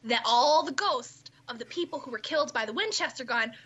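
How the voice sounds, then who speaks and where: A woman in a casual chat, excitable and freely swearing. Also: high-pitched, brisk, highs cut off, slight background noise. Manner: excitable and profane.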